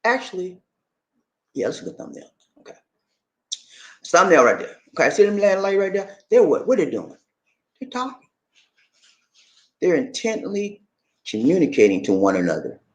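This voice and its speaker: A man hosts his channel in casual talk, his pitch swinging up and down as he speaks. He repeats himself and keeps checking in with his viewers. The sound carries a roomy echo. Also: normal speed, pauses often. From Charleston, South Carolina. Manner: animated and repetitive, often checking in with listeners. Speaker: channel host.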